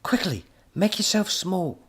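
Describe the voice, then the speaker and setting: A man voicing an excitable young boy hero who shouts with breathless urgency in a storybook. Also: high-pitched, a little slow, husky, pitched above the performer's own voice, heavily acted. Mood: desperate.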